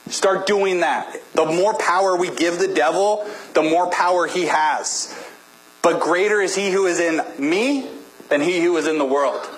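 A man's voice: on the high side, a bit bright, poor audio. A man preaching a sermon as a pastor, emphatic and exhorting, with casual joking asides.

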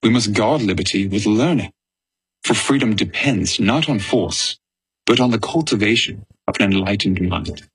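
A man playing a thoughtful, bookish statesman, speaking in a measured, reflective historical monologue. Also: fairly low pitch, lively intonation, slightly rough, low-quality recording. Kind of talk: first-person historical monologue.

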